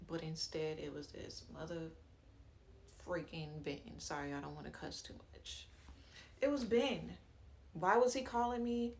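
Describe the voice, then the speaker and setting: A woman telling a personal story to her viewers in a chatty, slangy way, stopping for fillers and asides and acting out what people said. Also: lowish voice. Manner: chatty and slangy, acts out quoted dialogue. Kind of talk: casual storytime narration.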